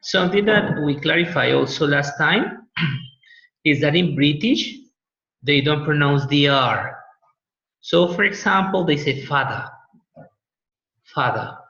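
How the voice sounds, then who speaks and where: A man's voice: fairly high pitch, measured pace, creaky, sharp tone. A man teaching an online class, explaining patiently and repeating words to model pronunciation. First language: Spanish. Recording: echoey, dull lo-fi audio.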